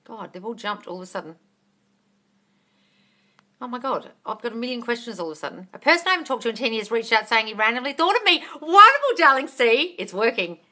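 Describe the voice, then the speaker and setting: Blunt, bright-voiced woman answering viewer questions. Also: a little high, lively intonation, fast. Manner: reads viewer comments aloud and answers bluntly, with frequent swearing; affectionate, calls viewers darling. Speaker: manifestation coach answering live viewer questions. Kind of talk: casual livestream Q&A.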